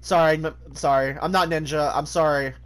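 A man's voice: a little high, fairly even intonation, normal speed, smooth. A man streaming a game, chatting casually with lots of swearing, jokes and laughter. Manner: joking, swearing, laughing often. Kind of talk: casual gaming commentary.

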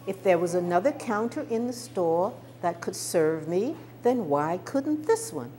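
An older woman telling a personal story from her childhood, expressive and with small stammers. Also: lowish voice, unhurried, a little hiss or hum. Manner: expressive, warm-toned recounting with small stammers.

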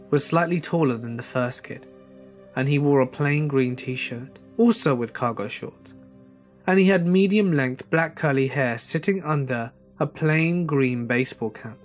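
A man reading a first-person horror story aloud in a measured storytelling delivery. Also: mid-range voice. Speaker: narrator. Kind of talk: scripted horror story narration. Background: faint music.

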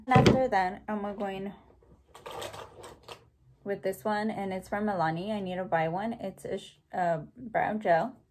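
A woman's voice: mid-range voice, measured pace, a little mellow, a little hiss or hum. A young woman, chatting casually through a makeup tutorial and mixing in Spanish words and casual swearing. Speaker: beauty vlogger.

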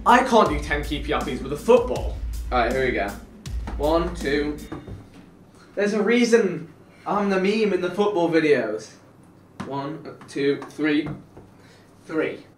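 A man's voice: a little high, unhurried, long pauses. A man who jokes dryly about himself. He is heard from a distance in an echoey room with faint music. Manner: self-deprecating, deadpan.

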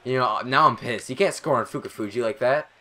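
A young man giving live commentary over a video game, excitable and rambling, swearing often and talking to himself. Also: mid-range voice, brisk. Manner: excitable, swears a lot, rambling self-talk. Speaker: gaming commentator.

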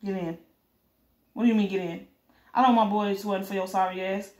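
A woman's voice: mid-range voice, steady tone, fairly quick, darkish tone, echoey room, lightly acted. A woman voicing a ruthless male gang boss who talks in sneering, foul-mouthed threats.

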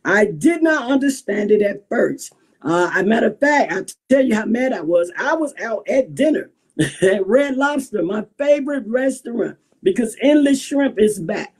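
Sassy, animated woman pastor. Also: a little high, normal speed, breathy edge. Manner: sassy, animated, laughs often, rhetorical questions. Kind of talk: casual talk to camera.

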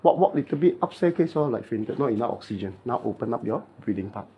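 A chiropractic therapist with a Malaysian English accent, instructing a client in clipped, playful phrases during treatment and mimicking cracking sounds. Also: male voice, medium pitch, expressive, fast talker, breathy edge, highs cut off.

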